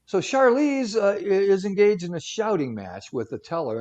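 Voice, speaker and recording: A man's voice: sits high, expressive, normal speed, few pauses, a little mellow. A man co-hosting a talk show who tells stories casually, with jokey asides and lots of fillers. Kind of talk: casual storytelling segment.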